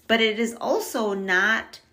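Her voice is a little high, pushed and bright, and she takes her time speaking. This middle-aged podcast guest talks money mindset in a casual, upbeat chat, laughing easily and saying "like" a lot.

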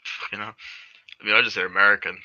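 A man's voice: lowish voice, flat delivery, fast, pushed and bright, lo-fi sound. A young man with an English accent, a podcast guest chatting casually, laid-back, self-deprecating and swearing often. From England. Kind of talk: casual chat.

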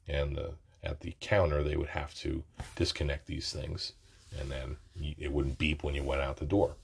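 Middle-aged guy rambling thru an old story, swears a lot, super husky breathy voice, low and monotone. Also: normal speed. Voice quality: raspy. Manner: rambling, profane, self-correcting. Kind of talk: casual storytelling.

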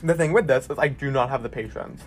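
A man's voice: medium pitch, fast, a little hiss or hum. A young man co-hosting a podcast in casual chat, rambling and laid-back. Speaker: podcast co-host.

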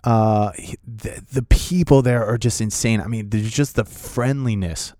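A man with a fairly low voice tells a movie-set story in a rambling, excitable way, full of fillers and restarts. The sound is close and dry. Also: a little slow, dry recording. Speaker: actor telling a set story. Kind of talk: casual anecdote.

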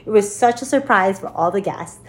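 A woman's voice: mid-range voice, brisk. A woman co-hosting a podcast in casual chat, telling an upbeat story that rambles and often restarts. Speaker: podcast co-host.

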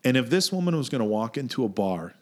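Guy in his 30s, podcast cohost, swears a lot, gets loud and high when quoting himself, mid pitch. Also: big pitch swings, quick pace. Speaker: podcast co-host. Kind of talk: casual storytelling chat.

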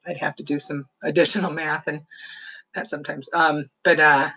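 A woman talking straight to her viewers in an easygoing, rambling monologue. She laughs often, trails off and restarts her sentences, and keeps a warm, chatty flow. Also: sits low, flat delivery, moderate pace, breathy edge, rough recording. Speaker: vlogger. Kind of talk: casual storytelling monologue.

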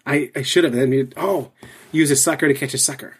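Husky joking co-host man. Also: medium pitch, a little fast. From New Jersey. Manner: joking, laughs often. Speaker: podcast co-host. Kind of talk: casual chat.

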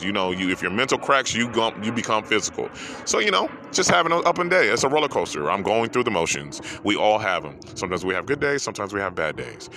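A man's voice: deep voice, bright, forceful tone, slight background noise. A man hosting a podcast, talking through an emotional personal story in a heartfelt, rambling way that repeats phrases, holding back tears. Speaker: podcast host.

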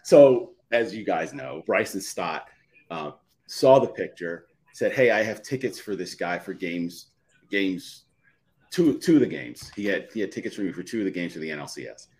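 A man's voice: deep voice, very animated, normal speed, darkish tone. A middle-aged man from the Philadelphia area, a podcast guest telling a personal story in a live chat, repeating and restarting phrases.

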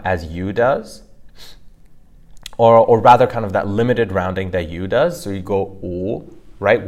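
Guy with a really low voice walking through pronunciation, keeps saying right?. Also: a little mellow. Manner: explains step by step, often asks "right?". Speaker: co-host teaching pronunciation. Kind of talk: casual teaching podcast.

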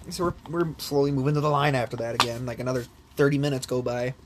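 A young man spinning a rambling story in casual talk, swearing freely and breaking into laughs. His voice sits at an ordinary pitch for a man. A faint hiss of noise runs under the recording. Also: racing. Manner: animated storyteller, swears a lot, laughs often. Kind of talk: casual chat.

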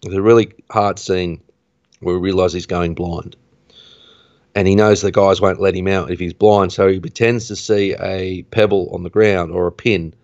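A man hosting a podcast, casually recapping a film plot in an animated way, his voice rising at the tense moments. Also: low-pitched, moderate pace, dry recording. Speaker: podcast host. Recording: dull, dry lo-fi recording.

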